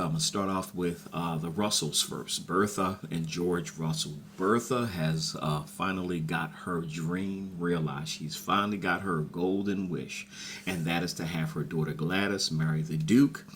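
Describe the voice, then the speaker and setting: A man's voice: deep voice, a little slow, fairly bright tone, a little hiss or hum. A man casually recapping a TV episode, chatty and slangy, often repeating himself and playing the characters' lines. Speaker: show recap host.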